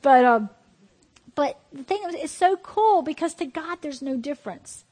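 A woman preaching an informal sermon to a group, telling personal stories in an animated, emphatic way. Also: high-pitched, normal speed.

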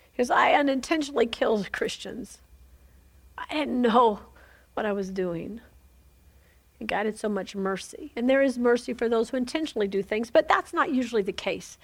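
A woman's voice: a little high, a bit bright. A woman teaching a women's Bible study in an informal sermon, chatty, laughing often and asking "Amen?" of her listeners.

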